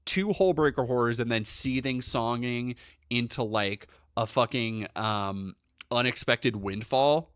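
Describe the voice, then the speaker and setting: A man's voice: mid-range voice, unhurried, clear, resonant tone, dry recording, clean studio sound. A young man streaming live, talking casually with lots of swearing and rambling asides. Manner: profane, animated, rambling.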